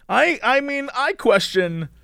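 A young man in a relaxed podcast chat teases his co-host and repeats jokes for fun. His voice sits high and moves a lot, recorded dry and close. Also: slow pace, creaky, clear, resonant tone, no echo. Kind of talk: casual chat.

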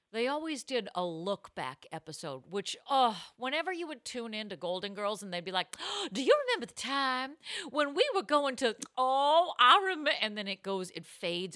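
A woman hosting a comedy podcast, talking in a playful, theatrical way from a home mic. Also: mid-range voice. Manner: playful, animated, theatrical gasps and laughs. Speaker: podcast host. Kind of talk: casual comedy podcast chat.

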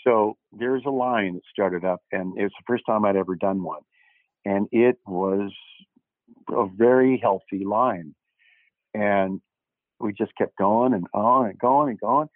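An older man, an actor guest, telling lively anecdotes and acting out the dialogue, with many false starts. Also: fairly low pitch, a little slow, no room sound. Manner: animated storyteller who acts out quoted dialogue, with frequent restarts. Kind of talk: anecdotal interview storytelling. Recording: dry, tinny phone-like line.

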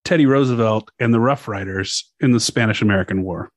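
A man's voice: on the low side, brisk, no room sound, clean studio sound. A man from Louisiana with a Louisiana accent, co-hosting a casual podcast and telling a story in a joking, profane, laid-back way. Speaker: podcast co-host.

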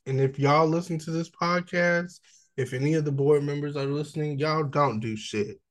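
A man co-hosting a podcast in casual chat, ranting slowly and emphatically, with swearing. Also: a little high, steady tone. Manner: slow, emphatic ranting, profane. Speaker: podcast co-host.

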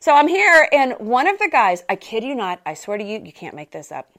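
A woman's voice: fairly high pitch, sing-song, a little fast, fairly bright tone. A woman hosting a faith and fitness podcast. She is a personal trainer who tells a story in a chatty way, laughs often and repeats her phrases. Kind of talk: casual chat, storytelling.

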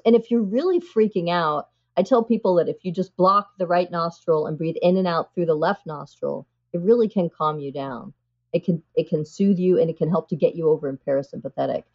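An earnest woman guest with a fairly low voice, explaining with animated conviction and peppering her talk with "you know". The sound is dull and lo-fi, as if through a thin connection. She speaks as a psychiatrist being interviewed.

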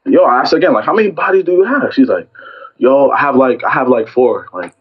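A young man with a husky voice tells a story in casual chat and acts out every line of the argument. His voice is mid-pitched. The recording sounds dull and lo-fi. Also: fairly quick. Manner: animated storytelling, acting out both sides of an argument.

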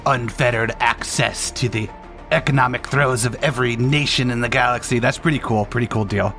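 Smug male villain, played by a man, bright and taunting. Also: medium pitch, brisk, soft background music. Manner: mocking, relaxed taunts.

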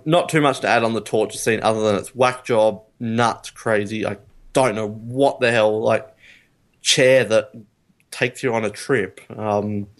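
A man co-hosting a podcast, chatting casually about a film, rambling and laughing, getting animated when amused. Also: on the low side. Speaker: podcast co-host. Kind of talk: casual film review chat.

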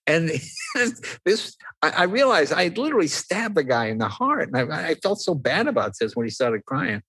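Animated man telling stories. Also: fairly high pitch, normal speed, slightly rough. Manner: animated anecdotes with acted-out quotes. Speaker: talk show guest, former host. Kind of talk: casual storytelling chat.

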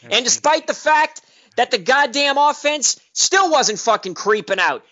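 A man calling in to a sports radio show, ranting angrily and swearing without pause. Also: very high-pitched, lively intonation, bright, forceful tone. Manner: profane, combative, repetitive ranting. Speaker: caller. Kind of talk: angry sports radio rant. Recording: dull lo-fi radio audio.

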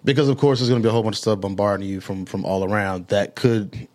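A man co-hosting a podcast in a relaxed, conversational way, adding wry quips. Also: on the low side, quick pace. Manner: laid-back, adds wry quips. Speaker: podcast co-host. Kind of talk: casual podcast chat.

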